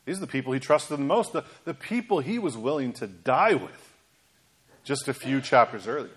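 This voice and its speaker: A man preaching a sermon in an animated, emphatic way, asking rhetorical questions of his congregation. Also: medium pitch, normal speed, slightly rough. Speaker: pastor.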